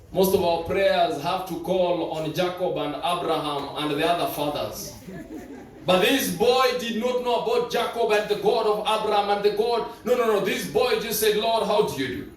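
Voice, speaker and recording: A man preaches a sermon with a high-pitched, dramatic storytelling manner, often repeating words for emphasis. His voice rings through a very echoey church, heard from far off the mic. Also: expressive, normal speed.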